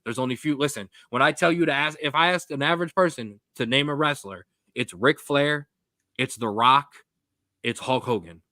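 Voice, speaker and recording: A young man co-hosting a sports podcast, talking in a rambling, jokey, animated way. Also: medium pitch, moderate pace, dry recording, studio quality. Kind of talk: casual sports chat.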